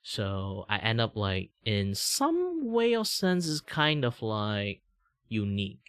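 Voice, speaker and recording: A man in his thirties from Malaysia with a Malaysian English accent, chatting casually on a livestream in a rambling, meandering way with a deliberately raised tone. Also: fairly low pitch, wildly swooping pitch, a bit bright, no echo. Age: 30s. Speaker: VTuber streamer.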